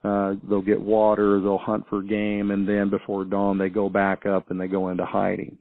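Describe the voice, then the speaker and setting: A man's voice: lowish voice, monotone, moderate pace, no echo. Man rambling over a tinny phone line. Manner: rambling, hesitant, many restarts and fillers. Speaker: caller. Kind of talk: casual storytelling on a call-in show. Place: small farm town.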